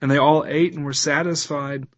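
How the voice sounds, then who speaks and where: A pastor delivers a sermon in a somewhat higher-pitched man's voice. He moves between quiet, slow passages and raised, urgent ones, reading scripture aloud and turning questions to his listeners. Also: fairly even intonation.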